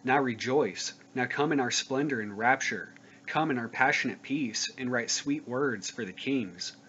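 A man giving a solemn scripture reading, slow, grave and declamatory. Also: mid-range voice, pushed and bright. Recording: dull lo-fi recording with faint noise.

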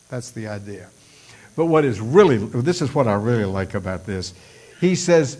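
A man's voice: medium pitch, animated, moderate pace, a little mellow. A male pastor preaching a sermon, acting out prayers in a raised voice, with folksy asides.

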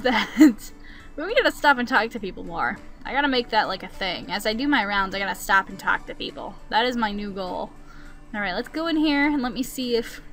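A woman's voice: fairly high pitch, pushed and bright. A woman hosting a gaming channel, giving casual, chatty commentary as she plays and talks back to the characters on screen.

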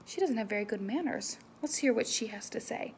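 A woman music teacher giving an animated lesson to young children, talking to them directly and expressively. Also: fairly high pitch, a little fast, gravelly, reverberant.

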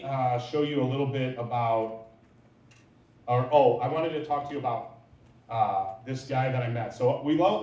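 A man's voice: mid-range voice, a little mellow, slight background noise. A man in his thirties, a business owner, giving an informal talk and rambling through anecdotes with lots of fillers. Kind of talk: informal lecture. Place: large echoey lecture room. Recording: echoey hall from far off.

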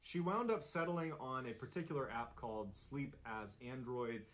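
A man narrating an eerie true story in a steady, suspenseful, detailed way. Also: medium pitch, moderate pace, rough recording.

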